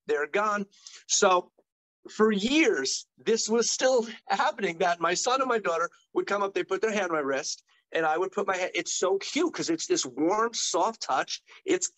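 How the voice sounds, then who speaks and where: A middle-aged man, an occupational therapist and guest, telling stories in an animated, enthusiastic conversational way. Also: high-pitched, low-quality recording. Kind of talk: conversational interview storytelling.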